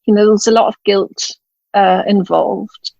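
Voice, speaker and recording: A woman's voice: mid-range voice, level tone, unhurried, creaky, darkish tone, dry recording, muffled recording. A woman from Germany, a guest on an interview podcast, telling a personal story in casual conversation and acting out the dialogue. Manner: storytelling, acts out quoted dialogue. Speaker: guest, author and widowed mother. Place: home, in Scotland.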